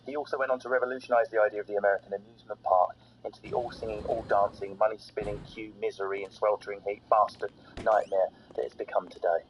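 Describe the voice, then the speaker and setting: A man's voice: fairly even intonation, a little hiss or hum, poor audio. Jokey, sarcastic man hosting. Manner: quick, jokey and sarcastic, with big pitch jumps on punchlines. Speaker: podcast host. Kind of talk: comedy podcast hosting.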